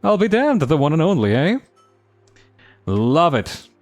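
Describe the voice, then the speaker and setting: A flamboyant, pompous merchant prince speaks in a lofty, fancy game voice, put on by a man. The voice sits high and swings theatrically up and down. Faint music plays underneath. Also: sing-song, a little slow, darkish tone. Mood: boastful. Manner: grandiose, showy.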